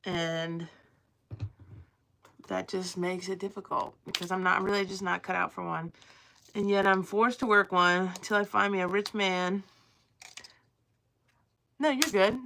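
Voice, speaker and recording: Young southern gal rambling on her livestream, bright voice with some gravel in it. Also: mid-range voice, fairly even intonation, a little slow, pauses often, slight background noise. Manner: chatty, rambling, drawling and playful. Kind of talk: casual chat with live chat.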